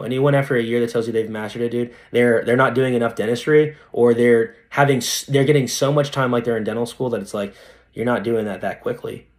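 Brisk and mid-range in voice, a young dentist chats on a podcast with lots of energy and slang. "Right?" comes up often, and so does "dude" aimed at the listener.

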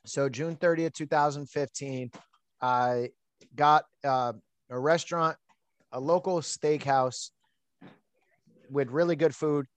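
A man's voice: fairly high pitch, steady tone, takes it slowly, long pauses, clean tone, no room sound. A man hosting a podcast, telling a personal story in an outgoing, chatty way with plenty of fillers. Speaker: podcast host. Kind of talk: casual storytelling chat.

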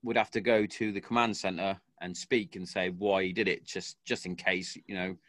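A man's voice: low voice, flat delivery, moderate pace, fairly bright tone, no echo, studio quality. A man and army veteran, telling a war story in casual chat with a lot of swearing and acted-out quotes.

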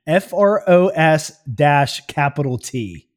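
Male co-host, a touch high-pitched, easygoing casual banter. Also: animated, slow. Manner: laid-back, laughing, reads out movie quotes. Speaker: podcast co-host. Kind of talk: casual chat, movie review.

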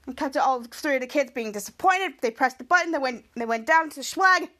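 A high-pitched woman host recaps a TV episode scene by scene. Her narration rambles and restarts often as she works through each cut. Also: lively intonation, brisk, sharp tone. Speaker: podcast host.

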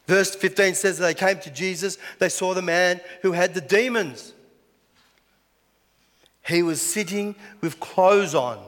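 A man's voice: high voice, a little slow, a bit bright. A man preaching a sermon as pastor, chatty, with lots of rhetorical questions. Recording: echoey hall.

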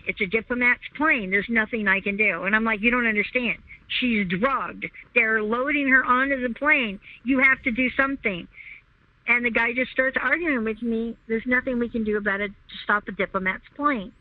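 A woman's voice: normal speed, no room sound. A woman recounting a personal story as an interview guest, speaking emphatically and repeating herself as she goes. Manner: emphatic, repeats herself, rising pitch when upset. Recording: tinny phone line, dry.

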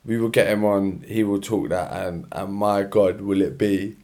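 A man's voice: lowish voice, fairly even intonation, a little slow, hardly any pauses, darkish tone. A tired young man, hosting his own solo podcast in a chatty, rambling, slangy way from his room. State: tired, yawning. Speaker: podcast host. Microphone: own podcast mic.

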